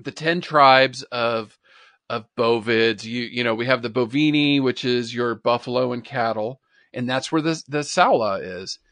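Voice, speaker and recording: A man's voice: mid-range voice, measured pace, fairly bright tone, dry recording. A man co-hosting a podcast in casual chat, easygoing and full of fillers. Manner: easygoing, lots of "yeah" and "you know". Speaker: podcast co-host.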